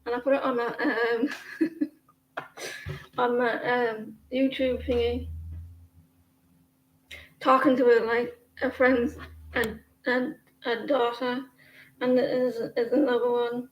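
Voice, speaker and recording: Chatty high-voiced woman in a roomy space. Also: little pitch movement, takes it slowly, long pauses, lo-fi sound, slight background noise. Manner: rambling, chatty, self-interrupting. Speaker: tarot reader. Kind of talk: casual livestream reading.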